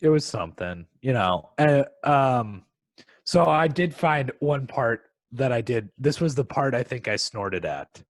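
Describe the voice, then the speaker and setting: A man's voice: medium pitch, animated, measured pace, dry recording. A man co-hosting a film podcast in casual chat, talking hesitantly with plenty of ums and likes. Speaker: podcast co-host.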